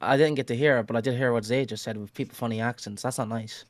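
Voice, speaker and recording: A man's voice: medium pitch, fairly even intonation, fast talker, no room sound. A man joining a livestream chat by video call, teasing the hosts, rambling and swearing a lot. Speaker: call-in guest. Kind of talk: casual chat.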